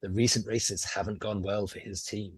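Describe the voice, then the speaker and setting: A man's voice: fairly low pitch, steady tone, moderate pace, slightly rough, dry recording. A man running a role-playing podcast as game master, narrating in a theatrical storytelling manner. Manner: theatrical storytelling, laughs often. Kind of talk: role-play narration and casual chat.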